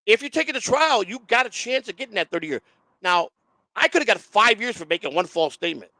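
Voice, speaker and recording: A man's voice: high voice, quick pace, no echo, poor audio. A man hosting a casual online show, telling a long profane story and acting out the voices of the people in it. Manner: profane, animated, acts out quoted voices. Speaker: host.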